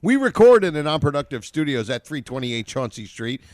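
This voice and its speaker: A man co-hosts a casual podcast, his voice animated and bouncing in pitch. He rambles through plugs and banter with fillers, recorded dry and close. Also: a little fast, no room sound. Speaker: podcast co-host.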